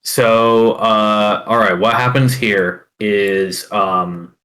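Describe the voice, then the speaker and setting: A man narrating a tabletop game as its dungeon master, in a lowish voice. He talks slowly and deliberately, filling pauses with hums and restarts as he describes what happens. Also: fairly even intonation, pushed and bright, poor audio. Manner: slow, measured narration with many fillers.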